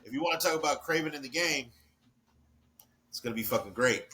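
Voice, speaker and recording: A man's voice: medium pitch, a little fast, sharp tone, a little hiss or hum. A man co-hosting a podcast, chatting casually about video games with a rambling, joking manner and a lot of swearing. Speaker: podcast co-host. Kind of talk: casual chat.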